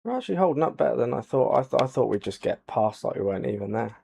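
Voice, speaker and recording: A man giving soft-spoken ASMR commentary over a racing game, quiet and low-key, with dry jokes. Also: very animated, fast, creaky, a little hiss or hum. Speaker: gaming channel host.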